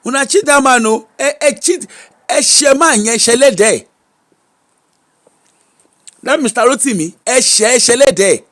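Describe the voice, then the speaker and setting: A woman's voice: on the high side, lively intonation, normal speed, pauses often, a bit bright. A Nigerian woman hosting a gossip show, giving casual commentary in an exclamatory way and switching freely between English, Pidgin and Yoruba.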